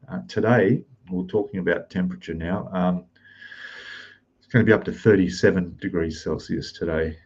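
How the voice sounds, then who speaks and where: Australian man, live stream host, quiet and relaxed, low mellow voice, a bit muffled. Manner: relaxed, greeting chat members one by one; speaking softly, keeping voice down. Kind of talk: casual live stream chat. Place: rented room in Thailand.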